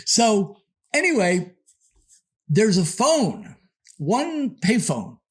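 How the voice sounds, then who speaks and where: High-pitched male podcast guest, animated storyteller who acts out quotes. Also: extremely slow, breathy edge. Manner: animated anecdote telling, acts out quoted voices. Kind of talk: casual storytelling.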